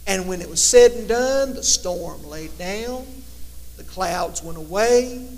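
A man delivers a sermon in a high voice. He swings between loud, emphatic lines and hushed, drawn-out ones, and a long reverb trails each phrase. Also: expressive. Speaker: preacher.

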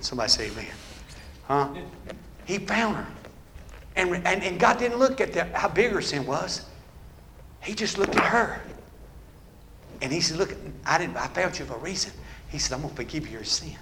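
High, bright preacher man shouting. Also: big pitch swings, normal speed, pauses often, a little hiss or hum. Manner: call-and-response, rising into shouts. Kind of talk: sermon.

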